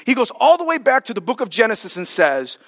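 A man preaching a sermon as pastor, emphatic, drawing key words out slowly for weight. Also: extremely high pitch, very animated, fairly bright tone. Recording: long reverb of a large hall.

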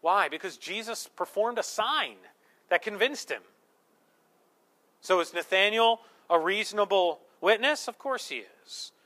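Male preacher, higher-pitched, earnest, teaching verse by verse from the pulpit. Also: sharp tone. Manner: earnest, teaching through scripture point by point. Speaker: pastor. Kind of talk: sermon.

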